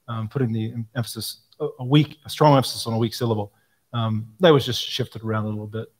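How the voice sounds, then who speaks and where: A man answering questions about a hymnal, explaining thoughtfully with frequent pauses and ums. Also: lowish voice, steady tone, darkish tone. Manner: thoughtful, explanatory, frequent ums, quotes hymn lines aloud. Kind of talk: live Q&A talk.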